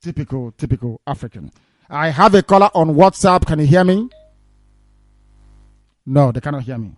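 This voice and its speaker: A man's voice: on the high side, animated, moderate pace, no echo, clean studio sound. A man hosting a live call-in radio broadcast, talking emphatically and repeating his points. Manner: emphatic, repetitive preaching talk. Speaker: radio show host.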